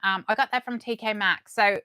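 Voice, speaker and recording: A young adult Australian woman hosting a live unboxing, chatting warmly and gushing as she reads comments aloud. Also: medium pitch, steady tone, brisk, clean tone, no room sound, clean studio sound. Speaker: livestream host.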